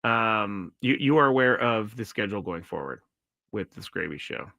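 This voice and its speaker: A man's voice: lowish voice, expressive, moderate pace, gravelly, bright, forceful tone, no echo. Talkative man hosting a live show. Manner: rambling, self-correcting storytelling; reads viewer chat comments aloud. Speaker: show host. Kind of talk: casual live-stream monologue.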